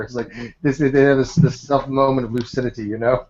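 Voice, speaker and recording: A man's voice: mid-range voice, normal speed, a little mellow, dull audio, slight background noise. A man hosting a casual online hangout, laughing often and trailing off as he reads comments. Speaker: host.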